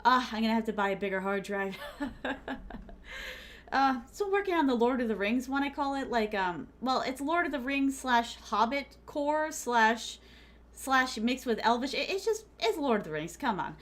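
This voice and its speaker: A woman with a slightly high, animated voice streams a game at a moderate pace, bantering playfully with her viewers, whom she calls "my starlings." This VTuber giggles a lot, sprinkles in Japanese phrases, and leans heavily on fillers like "like" in her casual gaming chat.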